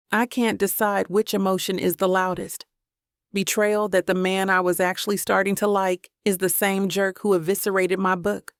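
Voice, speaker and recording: A woman narrating a romance audiobook in the first person, telling it in a slow, deliberate way. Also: mid-range voice, creaky, dry recording, studio quality.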